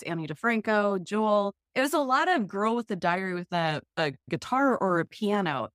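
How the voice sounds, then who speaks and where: A woman's voice: mid-range voice, no room sound, clean studio sound. A woman in her forties, a podcast guest, talking candidly and expressively about her life, often laughing at herself. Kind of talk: candid conversational interview.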